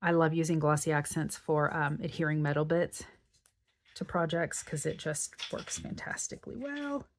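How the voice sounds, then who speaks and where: A woman's voice: deep voice, normal speed, a little hiss or hum. A woman hosting a craft tutorial, chatting casually and thinking aloud as she works. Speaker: crafting channel host.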